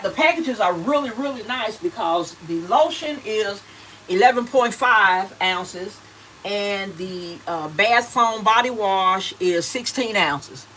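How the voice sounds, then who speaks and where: A woman's voice: mid-range voice, a bit bright, a little hiss or hum, low-quality recording. A middle-aged woman hosting a casual livestream, reading viewer comments aloud in a chatty, homey way and calling people honey and baby. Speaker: gift basket seller hosting a livestream.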